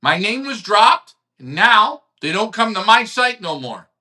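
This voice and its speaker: A man hosting a live online pigeon club show, ranting heatedly, swearing and swinging from shouts to quiet mutters. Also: high voice, very animated, measured pace. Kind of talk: heated live-stream rant.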